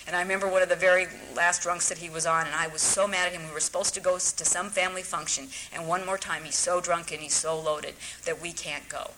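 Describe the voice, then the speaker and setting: Woman sharing her story, quick and wry, lots of restarts, lowish voice. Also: sharp tone, a little hiss or hum, rough recording. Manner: wry, self-mocking storyteller with frequent restarts. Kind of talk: personal storytelling talk.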